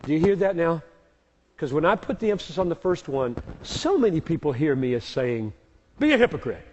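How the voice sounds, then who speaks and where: A man's voice: fairly high pitch, lively intonation, brisk, warm tone, long reverb tail, lo-fi sound. A man answering audience questions as a pastor, speaking emphatically and repeating key words for force. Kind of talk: live Q&A teaching.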